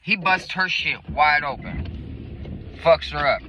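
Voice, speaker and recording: A man's voice: fairly high pitch, slow pace, bright, forceful tone, a little hiss or hum, poor audio. A man telling a story in a casual, rambling, profane way.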